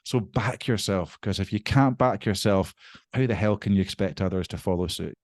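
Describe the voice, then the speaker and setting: A man talking as a podcast guest in casual chat. He is animated, swears lightly, and laughs at himself. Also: lowish voice, normal speed. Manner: self-deprecating, laughs at himself.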